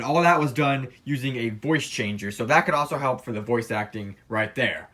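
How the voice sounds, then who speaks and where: A man's voice: medium pitch, moderate pace, a crowd in the background. Rambling young man giving video tips. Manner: rambling, many fillers and restarts. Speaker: plush video creator giving channel tips. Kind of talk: casual tutorial talk to camera. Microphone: phone camera.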